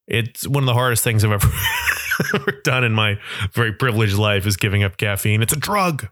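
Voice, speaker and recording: A man's voice: fairly low pitch, brisk, fairly bright tone, no echo, studio quality. A young adult man telling comic stories in a rambling, self-deprecating way. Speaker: comedian. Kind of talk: comedic monologue.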